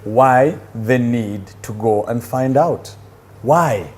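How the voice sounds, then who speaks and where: A man's voice: medium pitch, takes it slowly, darkish tone, slight background noise. A Ugandan man co-hosting a casual chat show, teasing and arguing his point and laughing often. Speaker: co-host. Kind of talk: casual bar-table chat.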